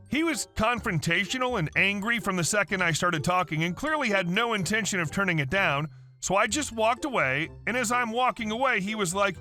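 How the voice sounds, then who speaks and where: A man narrating story posts in a scripted, wry, animated way. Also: sits high, brisk, soft background music.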